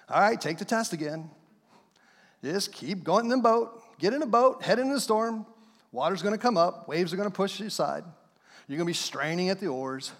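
A fairly high-voiced man preaches to his congregation in an easy, conversational way, now and then slipping into the voices of the people he describes. His words ring out with a long reverb through a large church sanctuary. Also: expressive, normal speed, fairly bright tone. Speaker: pastor. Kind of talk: sermon.

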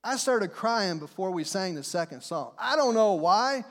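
A man's voice: high voice, expressive, normal speed. A man preaching a sermon in a church, fervent and conversational, often putting questions to the congregation. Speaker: pastor. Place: church sanctuary. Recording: long reverb of a large hall.

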